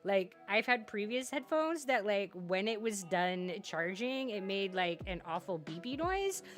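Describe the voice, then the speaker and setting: A woman's voice: medium pitch, sing-song, a little slow, faint music behind. A woman live streamer chatting casually with her viewers, talking loosely with lots of "like"s and frequent laughter. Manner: chatty, laughs often, many filler "like"s. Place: home streaming setup.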